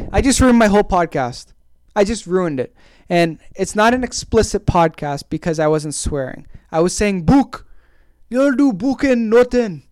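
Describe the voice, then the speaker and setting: A man's voice: a little high, noisy background. A man hosting a casual solo podcast, rambling and self-deprecating with many fillers. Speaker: podcast host.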